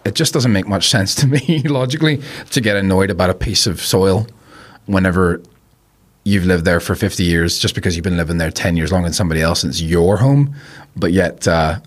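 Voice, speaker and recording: Deep husky man, reflective. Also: brisk. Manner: reflective, rambling with restarts; laughs easily. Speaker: podcast guest. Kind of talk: casual conversation.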